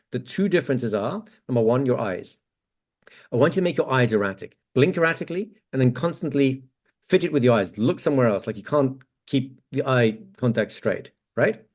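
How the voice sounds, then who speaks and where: Male hypnosis instructor, mid-pitched, patient explainer who keeps checking the listener follows. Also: a little mellow. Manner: explains step by step, checks in with "right?". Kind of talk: teaching demonstration.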